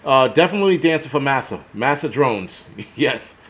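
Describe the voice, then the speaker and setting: His voice is medium-pitched, expressive, a bit bright and at normal speed. The older man, a New York City prepper channel host, rants angrily on his own vlog, profane and sarcastic, mimicking others to mock them.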